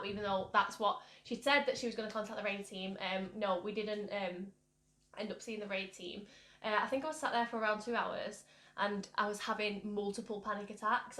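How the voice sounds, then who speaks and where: A woman's voice: mid-range voice, a bit bright. A young woman from the UK candidly recounting a personal story, rambling with many fillers. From United Kingdom. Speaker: mental health vlogger. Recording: roomy echo.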